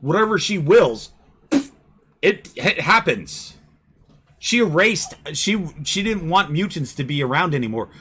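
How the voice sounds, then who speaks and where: A man hosting a casual online group chat, animated and laughing as he leads the talk. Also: a little high, a little slow, slight background noise. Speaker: stream host.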